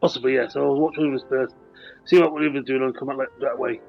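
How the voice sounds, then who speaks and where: Shy gravelly guy on a muffled video call, lots of ums, kinda mumbly. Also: medium pitch, steady tone, quick pace, soft background music. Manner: hesitant, shy, many fillers. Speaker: guest on a livestream date show.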